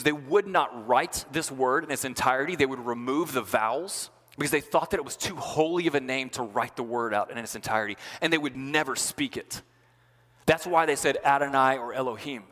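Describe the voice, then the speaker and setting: A man preaching a sermon as pastor, chatty and casual, slowing down and dropping his voice to stress key words. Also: a bit bright. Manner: conversational preaching, slows and drops low for emphasis. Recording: long hall reverb.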